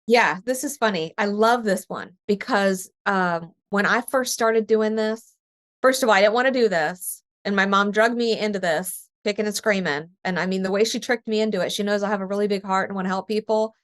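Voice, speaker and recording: Animated woman telling stories. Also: mid-range voice, brisk. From East Tennessee. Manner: animated storytelling with laughter, acts out her own past voice. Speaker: spiritual medium guest. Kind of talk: casual podcast conversation.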